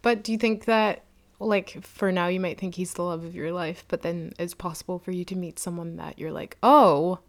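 A young woman in casual chat, listening closely with quick short reactions and laughs. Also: lowish voice, steady tone.

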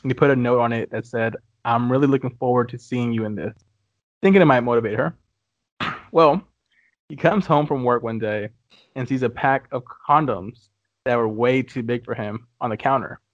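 A man hosting a podcast, reading out dirty jokes in a relaxed, chatty way and chuckling as he goes. The sound is dry and close, a little muffled and lo-fi. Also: mid-range voice, normal speed, dry recording. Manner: laughs through his own punchlines. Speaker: podcast host. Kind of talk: casual podcast chat, telling jokes.

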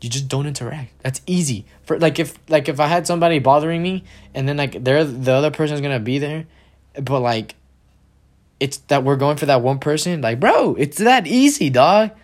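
A young man ranting casually and with much profanity, often mimicking people in mocking, higher voices. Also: normal speed.

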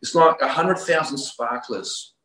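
A man from Australia, middle-aged or older, telling his personal story of religious conversion as a guest, earnest and full of halting restarts. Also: mid-range voice, lively intonation, sharp tone. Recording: roomy echo.

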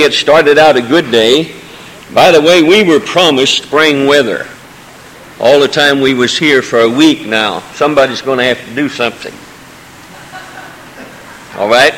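A pastor delivers his sermon in a fairly high voice, drifting from easygoing asides into swelling, emotional cadences. His words ring out with the long reverb of a church sanctuary. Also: fairly bright tone, a little hiss or hum. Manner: preaching with folksy asides and rising emotional cadences. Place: church sanctuary during a service.

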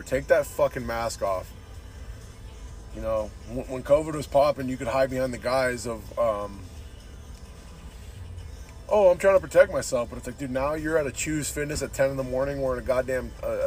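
Brief: easygoing male podcast host, swears a lot, middling pitch, faint music behind. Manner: profane, laid-back, says "dude" constantly. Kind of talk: casual rambling monologue.

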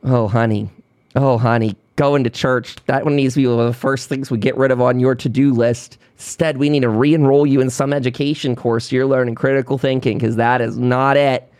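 A man rants through a political podcast monologue in a heated, sarcastic way. His voice sits at a middle pitch, and it is recorded close and dry with no room sound. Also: little pitch movement, brisk, hardly any pauses, a little mellow, clear, resonant tone, no echo. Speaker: podcast host.

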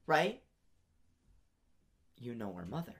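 A man co-hosting a casual podcast, telling stories in an animated way and breaking into loud laughing outbursts. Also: medium pitch, slow, a crowd in the background. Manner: animated storytelling, bursts into loud laughing exclamations. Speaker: podcast co-host. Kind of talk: casual chat.

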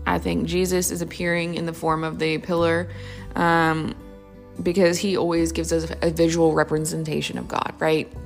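A woman's voice: low voice, little pitch movement, normal speed, creaky, soft background music. A woman teaching a casual Bible study, chatty and enthusiastic, thinking aloud as she goes through the passage.

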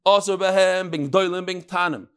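A middle-aged man giving an informal Talmud lesson, explaining step by step with quick asides. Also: high-pitched, clear, resonant tone. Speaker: Talmud class teacher.

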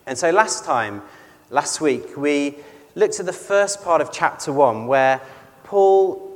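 A man preaching a conversational sermon in a measured way, often putting questions to the congregation. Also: fairly high pitch, big-room sound. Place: church.

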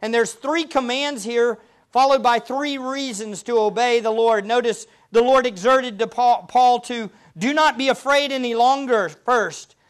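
A man's voice: extremely high pitch, clear, resonant tone. Earnest male pastor preaching a sermon. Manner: earnest, slows down to stress quoted verses; asks the congregation rhetorical questions.

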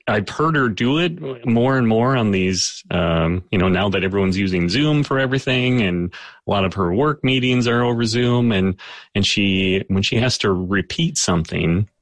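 Low-voiced, halting game master. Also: male voice, no room sound. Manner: halting, many fillers, self-deprecating. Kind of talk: casual podcast chat and game narration.

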